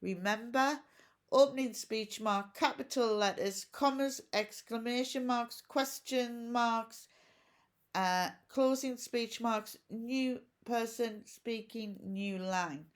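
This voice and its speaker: A woman's voice: a little high, slow pace. A woman teacher giving a recorded home-learning lesson, explaining each step patiently and asking questions as she goes. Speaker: primary school teacher.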